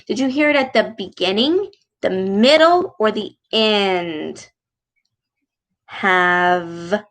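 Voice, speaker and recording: Speaking slowly and with exaggerated encouragement, a woman reads a storybook to young children while teaching them a speech sound. Her medium-pitched voice has a sing-song lilt.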